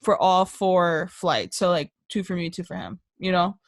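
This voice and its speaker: A woman's voice: on the low side, steady tone, normal speed, no room sound, clean studio sound. A woman co-hosting a podcast who rambles with many fillers and mocks herself in casual chat. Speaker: podcast co-host.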